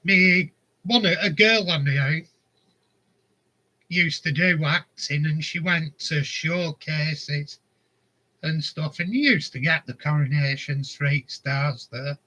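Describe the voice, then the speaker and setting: A man's voice: fairly high pitch, takes it slowly, bright, forceful tone, poor audio. A man, casually telling rambling anecdotes and chuckling often. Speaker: vlogger. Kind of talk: casual storytelling.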